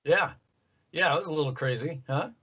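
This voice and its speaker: An older man, a voice actor, chatting in an easygoing, relaxed way in an interview. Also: on the high side, brisk, husky. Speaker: guest voice actor. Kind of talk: casual interview chat. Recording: dull lo-fi sound.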